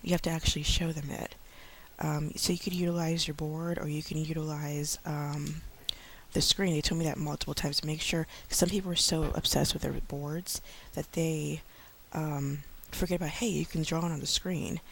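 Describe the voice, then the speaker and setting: A woman in her thirties, an online English teacher, giving chatty tips in a casual vlog with many fillers, slowing down to model speech for young learners. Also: low voice, little pitch movement, a little hiss or hum. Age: 30s.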